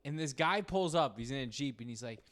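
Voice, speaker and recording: A man, co-hosting a podcast, telling a story in a casual, lively way over a remote call. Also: mid-range voice, brisk. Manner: animated, shouts quoted lines when retelling. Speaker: podcast co-host.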